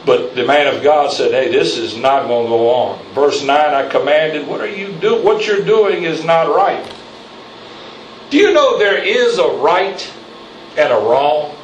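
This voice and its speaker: A man's voice: on the high side, expressive, measured pace, recorded from a distance, slight background noise. A man preaching a fiery sermon as pastor, rising in intensity and calling on the congregation for amens. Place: church sanctuary. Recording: echoey church, mic from afar.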